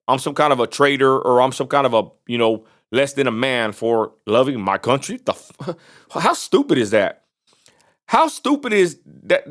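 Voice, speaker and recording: A blunt, combative man from Texas speaks. His voice sits at an ordinary middle pitch. He rants straight to camera in a vlog and circles back on his own points. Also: a bit bright. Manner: blunt, combative, repeats himself. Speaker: vlogger. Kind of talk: ranting vlog monologue.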